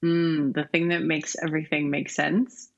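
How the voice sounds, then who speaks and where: A woman's voice: sits low, little pitch movement, moderate pace, gravelly. A woman guest on a podcast, talking in an upbeat, encouraging way with vivid images. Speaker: guest, brand strategist and speaker. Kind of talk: casual interview chat. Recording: dull lo-fi sound.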